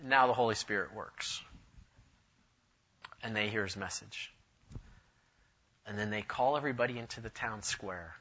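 A man preaching a sermon, telling a story in an animated way, his voice rising and swelling for emphasis. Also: fairly low pitch, normal speed, long pauses, husky, muffled recording.

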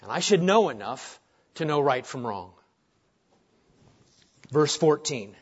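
A middle-aged man preaching a sermon as pastor, swinging between hushed asides and loud, emphatic points. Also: a little high, very animated, takes it slowly, husky. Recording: dull lo-fi sermon recording.

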